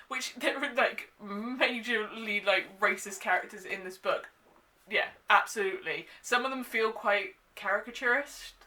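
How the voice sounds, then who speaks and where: A young woman giving a casual, exasperated book review, full of "like" and quick asides. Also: mid-range voice. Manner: animated, exasperated, filler-heavy with frequent "like". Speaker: book vlogger.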